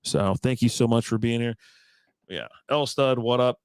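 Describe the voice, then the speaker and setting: A man hosts a laid-back podcast, greeting viewers and chatting about sports. He laughs often and teases his co-host. His voice sits at a middle pitch with a dry, close sound. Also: moderate pace, clear, resonant tone, no echo. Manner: laughs often, teasing banter. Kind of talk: casual chat.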